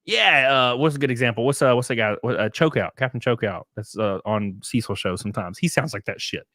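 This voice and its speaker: A man's voice: medium pitch, fairly quick, bright, forceful tone, dry recording, clean studio sound. A man with a Southern American accent hosting a casual livestream chat, laid-back and rambling, laughing often. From Southern United States. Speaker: podcast host.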